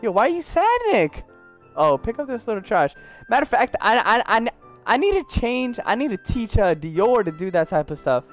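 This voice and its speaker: A man's voice: high-pitched, sing-song, normal speed, soft background music. A young man giving casual, slangy gameplay commentary, joking and talking to the characters in his game. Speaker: gaming YouTuber.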